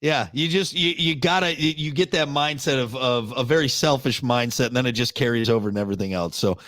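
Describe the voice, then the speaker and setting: A man co-hosting a casual podcast, talking in an animated, ranting way with frequent laughs. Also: mid-range voice, fairly quick, no room sound. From Wisconsin. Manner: animated, ranting, mock voices, laughs often. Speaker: podcast co-host. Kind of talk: casual chat.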